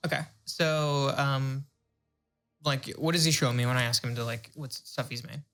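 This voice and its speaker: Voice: mid-range voice, steady tone, a bit bright. A player in a tabletop game who asks a lot of questions and halts between words. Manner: questioning, halting. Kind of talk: casual tabletop game talk.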